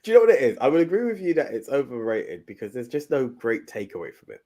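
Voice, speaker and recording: A man's voice: mid-range voice, big pitch swings, fast talker, mellow. A young man co-hosting a movie podcast, speaking in a casual, hesitant way with frequent restarts. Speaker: podcast co-host.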